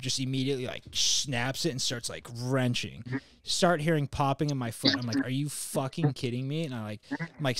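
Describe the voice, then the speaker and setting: A man's voice: mid-range voice, dry recording, clean studio sound. A man hosting a podcast, telling a story in casual chat, rambling with many restarts, fillers and swearing. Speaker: podcast host.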